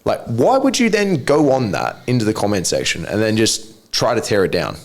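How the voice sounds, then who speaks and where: A man's voice: lowish voice, normal speed. Blunt, sweary Australian man. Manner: blunt, sweary, animated storytelling. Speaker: MMA coach, podcast guest. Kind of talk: casual podcast chat.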